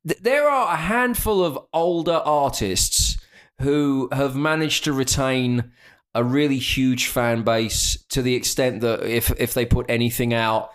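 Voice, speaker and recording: A British man co-hosting a casual podcast, talking quickly and opinionatedly with many restarts. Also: medium pitch, fairly bright tone. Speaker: podcast co-host. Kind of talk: casual chat.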